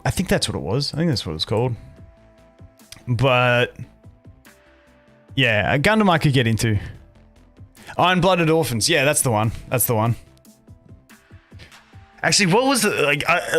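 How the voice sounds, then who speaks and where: A man's voice: medium pitch, fairly bright tone. Aussie guy streaming, chatty and rambly, says dude a lot, faint music behind. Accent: Australian. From Canada, raised in Australia. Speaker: gaming streamer. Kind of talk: casual chat with live chat.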